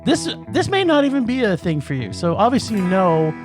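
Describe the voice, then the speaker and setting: A man's voice: high voice, big pitch swings, brisk, over music. A man co-hosting a podcast, ranting about movies in casual chat, emphatic and laughing. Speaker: podcast co-host. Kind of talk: casual film-review chat.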